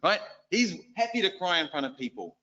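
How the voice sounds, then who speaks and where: A man with a New Zealand accent giving a church exhortation, telling a self-deprecating story in an animated way. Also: high voice, brisk. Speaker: lay preacher and schoolteacher. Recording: dull lo-fi recording.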